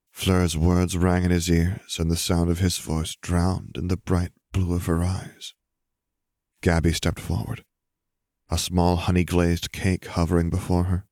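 Male narrator, low voice, steady measured storytelling; dry, close audiobook read. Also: no echo. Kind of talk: audiobook reading of fan fiction.

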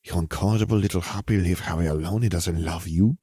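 A man voicing an affectionate, possessive young woman in a storybook reading, soft-spoken and fond. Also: deep voice, quick pace, slightly rough, no room sound, studio quality. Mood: scolding.

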